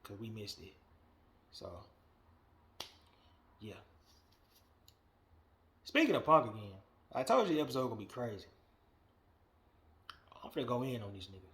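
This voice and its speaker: Hosting a wrestling podcast, a man with a medium-pitched voice speaks at normal speed with long pauses. His opinion rant is blunt and profane, animated, and shifts between muttering and shouting outbursts.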